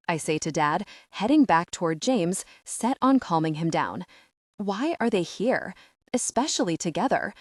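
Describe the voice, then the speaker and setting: A woman reading a first-person audiobook in a tense, urgent way that rises at the shouted lines. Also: lowish voice, no room sound, clean studio sound. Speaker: audiobook narrator.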